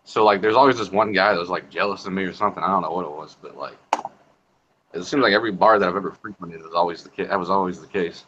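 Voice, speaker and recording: A man's voice: low-pitched, quick pace, bright, forceful tone, dull audio, a little hiss or hum. A man casually recounting a bar rivalry, laughing often and cursing freely. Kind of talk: casual storytelling chat.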